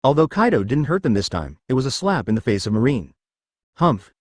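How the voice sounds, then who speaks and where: A man narrates a fan story in a steady, stiff reading. His pitch moves about a lot, and the sound is dry and close. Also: fast talker, dry recording.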